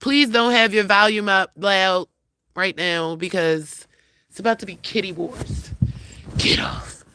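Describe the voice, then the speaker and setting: A woman's voice: mid-range voice, a little slow, background noise. A woman chatting casually on a livestream, rambling, swearing freely and scolding her cat. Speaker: livestream host.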